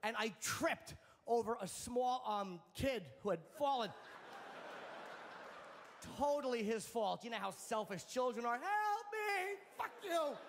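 A man doing a stand-up comedy set on a club stage, sardonic and profane, landing his punchlines deadpan. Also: extremely high pitch, unhurried, pauses often, background noise.

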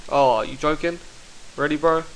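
A young man commentating his own online game fights, excitable and quick to swear, talking into a headset mic. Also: fairly high pitch, a little hiss or hum, rough recording. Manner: excitable, swears, bursts into shouts. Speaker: gaming commentator. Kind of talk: live gameplay commentary.

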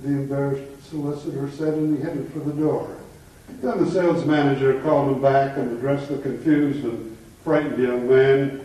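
A man's voice: medium pitch, moderate pace, warm tone. A man giving a lecture, telling jokes and anecdotes in an easy storytelling way. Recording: echoey room from far off.

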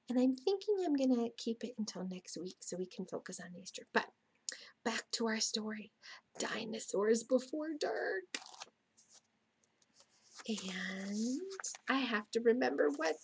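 A woman teacher reading a storybook aloud to children, slow and gentle, often dropping to a whisper. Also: on the high side, breathy edge.

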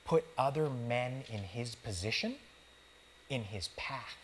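A man's voice: medium pitch, expressive, slow pace, a little hiss or hum. Man preaching a casual, conversational sermon. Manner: casual, conversational preaching that talks straight to the congregation; slangy everyday wording. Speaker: pastor.

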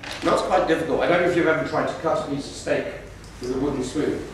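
Recorded from a distance in a roomy lecture hall, a man gives a debate lecture to students, telling stories animatedly and acting out quotes. His voice is a little high and fast, with a little hiss or hum.

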